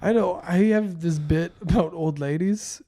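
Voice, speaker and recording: Male comedian guest, slightly high voice, laid-back and blunt, casual podcast chat. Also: normal speed, mellow. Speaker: stand-up comedian.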